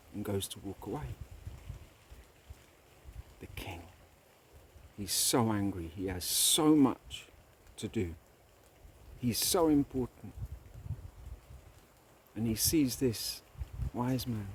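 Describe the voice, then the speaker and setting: A podcast host with a lowish, expressive voice delivers a solo monologue, telling a parable and reading from his own book. He's slow and reflective, meandering from topic to topic, and there's a little hiss or hum in the audio.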